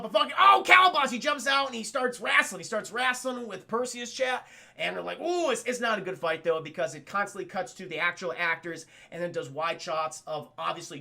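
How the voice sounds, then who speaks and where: A man's voice: sits high, vocal fry, bright, forceful tone. A man streaming live, casually recapping a film scene by scene, swearing freely and rambling to his chat. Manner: profane, rambling, talks to chat.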